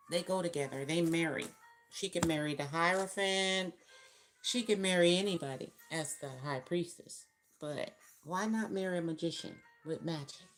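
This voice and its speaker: Low-voiced woman giving a tarot reading. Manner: loose, rambling and musing, thinking aloud while counting cards. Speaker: tarot reader. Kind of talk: casual tarot reading to viewers.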